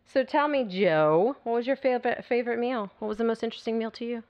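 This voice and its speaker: Smooth-voiced woman, chatty. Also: on the high side. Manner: lively, chatty, quick to laugh. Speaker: podcast co-host. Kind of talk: casual chat. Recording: dull, muffled sound.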